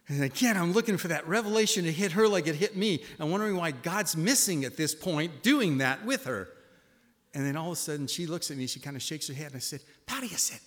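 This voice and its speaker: A man in his sixties giving a sermon, telling a personal story and swinging from hushed reflection to loud exclamations. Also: on the high side, very animated, moderate pace. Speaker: pastor. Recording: long reverb of a hall.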